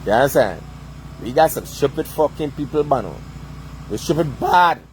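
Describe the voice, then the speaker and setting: A vlogger delivers a heated, profane rant, swearing constantly and asking "you understand?" again and again. His voice is a little high, expressive and slightly mellow, at normal speed with slight background noise.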